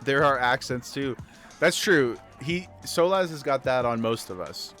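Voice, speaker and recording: A man's voice: mid-range voice, a little slow. Streamer dude rambling and hyping his chat up, swears a lot, bit of music under him. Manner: excitable, swears freely, breaks into laughs and repeats himself. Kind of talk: casual livestream chat.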